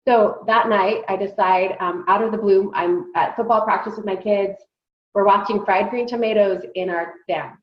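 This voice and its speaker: A woman's voice: mid-range voice, normal speed. A woman hosting a podcast, chatting casually and telling stories, acting out her own quotes. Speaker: podcast host. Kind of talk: casual chat. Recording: roomy, dull sound.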